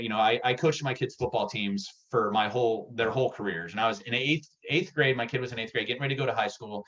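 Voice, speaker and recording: An energetic man giving a workshop presentation as a real estate sales coach, talking in an excitable, punchy and direct way. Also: mid-range voice. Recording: dull lo-fi recording.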